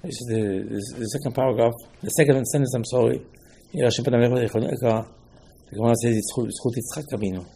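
A man giving a Torah class as a rabbi, in halting, with emphatic restarts. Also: medium pitch, fairly even intonation, gravelly, warm tone, a little hiss or hum. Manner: non-native English, halting restarts, rising emphasis.

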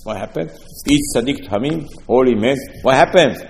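A man's voice: medium pitch, lively intonation, moderate pace, gravelly, a little hiss or hum. A man with preaching a sermon, telling stories with asides and rhetorical questions. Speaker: rabbi. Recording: long hall reverb.

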